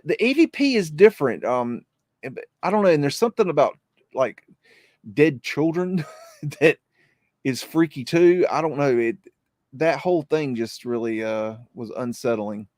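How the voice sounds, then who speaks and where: American guy on a podcast, halting, lots of ums, dry sound. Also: on the high side, lively intonation, darkish tone, no room sound. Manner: hesitant, lots of ums and restarts. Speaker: podcast co-host. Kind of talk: casual chat.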